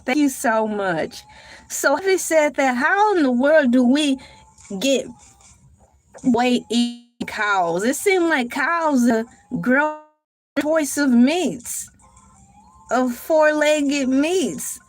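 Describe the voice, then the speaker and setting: A woman hosting a casual live stream, talking in an animated, dramatic way and breaking into shouts and laughter. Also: high voice, drawn-out words, soft background music. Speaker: livestream host.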